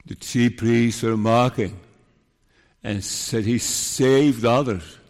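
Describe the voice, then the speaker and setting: A man preaching a sermon, moving from hushed, solemn passages to emphatic rises. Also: mid-range voice, takes it slowly. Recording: long hall reverb.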